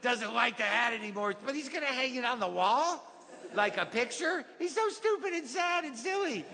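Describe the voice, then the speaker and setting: A man voicing a small child who excitedly reads a picture book in a sing-song, emphatic way. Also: very high voice, moderate pace, pitched above the performer's own voice. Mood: giddy. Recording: live club, echoey hall, audience noise.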